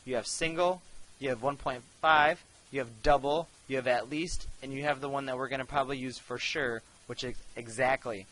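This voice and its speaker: Young male teacher, bright voice, casual step-by-step screencast delivery. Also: medium pitch, steady tone, moderate pace, rough recording. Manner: casual step-by-step instruction, addresses students directly. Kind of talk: screencast software tutorial.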